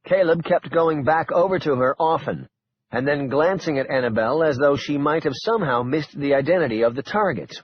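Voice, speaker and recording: A man reading a thriller audiobook aloud in a steady, measured narration. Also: on the high side, slightly rough, highs cut off. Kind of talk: scripted narration.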